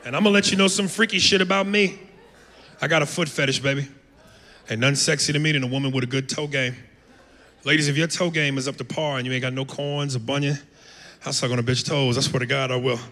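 A man's voice: mid-range voice, steady tone, fast talker, pushed and bright. A man doing a brash, crude stand-up routine, recorded live in a comedy club. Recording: live club, crowd and reverb.

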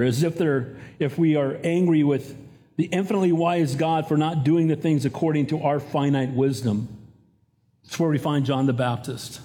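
A man's voice: on the high side, normal speed, warm tone. A pastor in his fifties or older preaching a sermon, earnest and emphatic, rising to urgent appeals.

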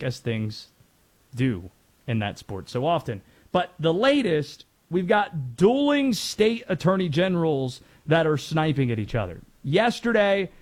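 Chatty sports talk host, fairly high voice. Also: male voice. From North Carolina. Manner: chatty, animated, joking.

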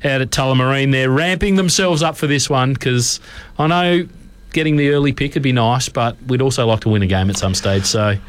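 A man's voice: medium pitch, fairly quick, clear, resonant tone, no echo. A man with an Australian accent co-hosting a sports radio show, chatty and opinionated, often breaking off mid-sentence. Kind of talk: casual sports radio chat.

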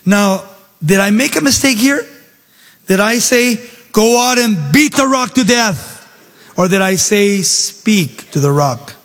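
A man's voice: sits high, lively intonation, slow, a bit bright, full character voice. A man voicing God as a patient, firm male deity who corrects his servant with fatherly, reproving questions, in a hall with a long reverb.

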